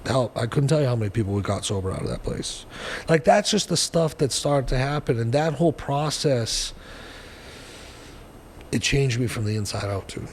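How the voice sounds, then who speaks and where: A man in his forties telling his story as a podcast guest, in a blunt, profane and animated way. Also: mid-range voice, moderate pace, big-room sound, slight background noise. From New Hampshire, US. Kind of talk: storytelling interview.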